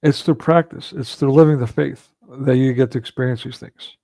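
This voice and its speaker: Gravelly-voiced man telling a story. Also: mid-range voice, moderate pace, mellow, no echo. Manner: rambling storyteller, many restarts and fillers. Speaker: livestream host. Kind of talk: casual livestream chat.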